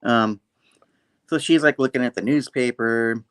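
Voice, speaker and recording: A man's voice: medium pitch, unhurried, a bit bright, clean tone. A man hosting a casual comic review show, retelling scenes with a rambling, laughing manner. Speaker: host.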